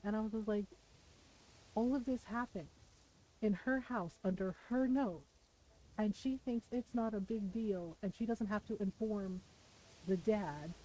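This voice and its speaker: Middle-aged woman streaming a game, storytelling candidly with plenty of profanity and laughter; warm, mellow tone. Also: mid-range voice, low-quality recording. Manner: frank storytelling, swears often, laughs between lines. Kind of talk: casual gaming stream chat.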